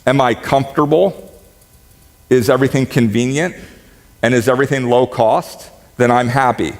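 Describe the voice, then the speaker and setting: Joking pastor in a reverberant hall. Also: male voice, mid-range voice, moderate pace. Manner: conversational, joking, animated when quoting. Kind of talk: sermon. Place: church sanctuary.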